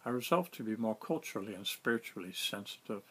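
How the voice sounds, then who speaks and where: A man reading his own story aloud in a wry, self-mocking, lively way. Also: lowish voice, quick pace, breathy edge. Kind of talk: storytelling narration.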